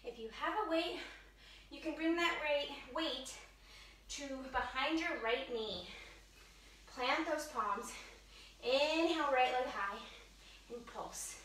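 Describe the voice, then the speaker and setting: A woman's voice: high-pitched, slow, pauses often, fairly bright tone, distant mic. A female fitness instructor cueing a workout class, upbeat and encouraging as she counts down, sometimes out of breath. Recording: echoey studio from off-mic.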